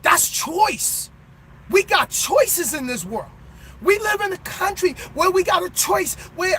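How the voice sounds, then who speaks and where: A male truck driver giving a motivational pep talk in a preachy way, bursting into shouts, recorded in his truck cab. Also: very high-pitched, lively intonation, takes it slowly, a little hiss or hum.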